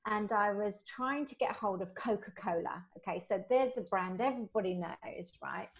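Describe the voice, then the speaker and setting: Animated woman telling a sales story. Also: normal speed. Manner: animated, acts out quoted dialogue with rising pitch. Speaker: podcast guest. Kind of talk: conversational storytelling.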